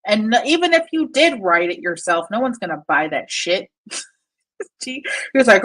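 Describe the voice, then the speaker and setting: A woman's voice: mid-range voice, big pitch swings, normal speed, a bit bright, low-quality recording. A woman hosting casual commentary over a shared screen, mocking, swearing and laughing often. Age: adult with a young daughter. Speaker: commentary channel host.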